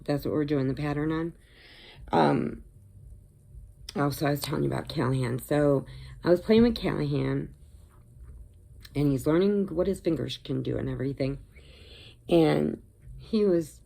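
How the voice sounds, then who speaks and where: A woman's voice: sits low, normal speed, creaky, pauses often, mellow. An older woman from Illinois, chatting casually and rambling on her crochet vlog, laughing often. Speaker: crochet vlogger. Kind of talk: casual chat.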